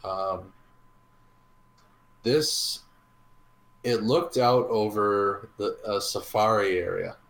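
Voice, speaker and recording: A man's voice: on the low side, drawn-out words, pauses often, a bit bright. A man co-hosting a podcast, chatting casually in a rambling, easygoing way with many ums. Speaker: podcast co-host. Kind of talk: casual chat reviewing a restaurant. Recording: roomy echo.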